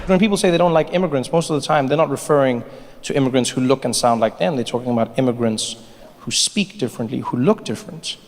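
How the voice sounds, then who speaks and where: A man from Africa doing an animated stand-up comedy set on a large venue stage, shifting quickly into impressions. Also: medium pitch, a little hiss or hum. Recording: reverberant hall with audience ambience.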